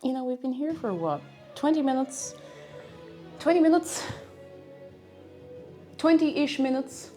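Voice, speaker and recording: A woman's voice: sits high, animated, a little slow, pauses often, dark tone, soft background music. A woman streaming live, chatting casually with viewers in a playful, giggly way, humming to herself now and then. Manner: chatty and playful, laughs often, hums to herself.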